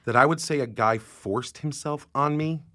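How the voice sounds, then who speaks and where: A man's voice: medium pitch, moderate pace, pushed and bright, natural voice. A man performing a young man shaken after being outed, in a tense spoken-word delivery. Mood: anguished.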